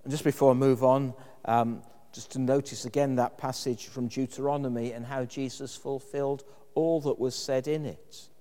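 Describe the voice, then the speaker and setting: Mellow-voiced preacher in a reverberant church. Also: male voice, medium pitch, fairly even intonation, normal speed. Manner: thoughtful, conversational preaching with fillers. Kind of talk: sermon.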